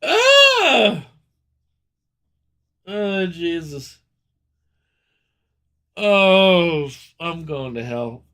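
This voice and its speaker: A man streaming a game, chatting casually with his chat, swearing freely and breaking into loud outbursts and laughter. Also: on the high side, lively intonation, very slow, pauses often, clean tone.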